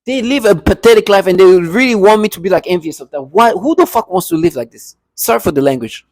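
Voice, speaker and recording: A man's voice: high-pitched, lively intonation, fast talker, no room sound. A man delivering an agitated, repetitive rant to camera from his apartment, with bitter laughs. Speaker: vlogger. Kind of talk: angry monologue to camera.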